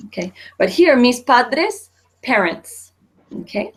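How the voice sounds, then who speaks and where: A middle-aged woman teaches a Spanish class in a classroom, explaining each point patiently and circling back with fillers and restarts. Her voice is a little low and husky. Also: unhurried.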